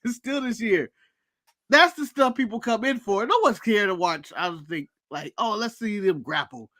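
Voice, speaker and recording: A man's voice: high-pitched, animated, moderate pace, pushed and bright. An American man co-hosting a wrestling podcast, chatting casually with blunt, crude jokes. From United States. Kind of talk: casual chat.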